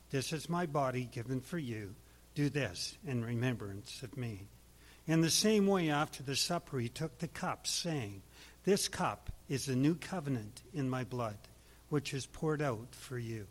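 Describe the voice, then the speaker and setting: A man reading scripture aloud in a steady, even manner. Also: medium pitch, low-quality recording. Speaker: scripture reader.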